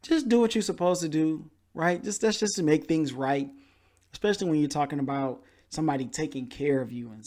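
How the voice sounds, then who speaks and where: In a casual and animated way, a man hosting a podcast recounts a story and impersonates the people he quotes. His voice sits in the mid-range.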